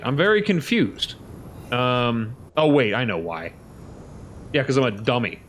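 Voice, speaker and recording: A man giving excitable, chatty commentary while playing a survival game, talking to his creatures as he goes. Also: mid-range voice, a little slow, a little hiss or hum. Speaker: let's play host. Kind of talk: casual gameplay commentary.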